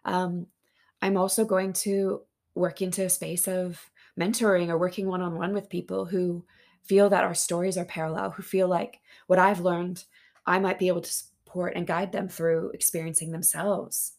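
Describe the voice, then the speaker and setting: A woman hosting a podcast, talking openly and earnestly in a casual, heartfelt monologue that turns excitable at times. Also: fairly low pitch, moderate pace, creaky. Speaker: podcast host.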